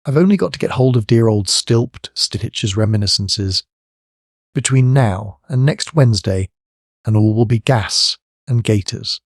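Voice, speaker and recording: A man voicing a quick-witted young English gentleman adventurer who talks in a lightly ironic, brisk way. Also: on the low side, lively intonation, no echo, clean studio sound. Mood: wry.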